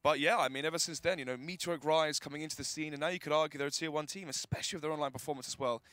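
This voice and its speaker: Fast-talking male esports caster. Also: fairly high pitch, fairly even intonation, a bit bright, no echo. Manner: chatty, quick, talks over his co-caster. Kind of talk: esports desk analysis. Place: studio desk at a live event.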